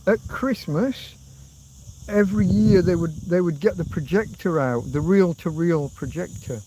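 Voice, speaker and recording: A man's voice: sits high, a little slow, background noise. Rambling English man in his fifties. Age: 50s. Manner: rambling, swears casually, hums tunes. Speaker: livestream host. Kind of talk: rambling livestream chat.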